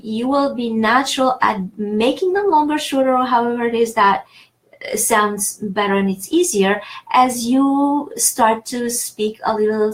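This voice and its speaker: Chatty encouraging woman tutoring French. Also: on the high side. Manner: chatty and encouraging, many fillers and restarts. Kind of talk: online language lesson.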